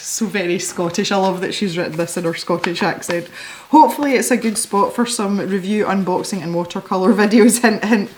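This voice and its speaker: A woman hosting a casual unboxing video, chatty and excitable, giggling often as she opens parcels of art supplies. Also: mid-range voice, brisk, a little hiss or hum. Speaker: art supply channel host.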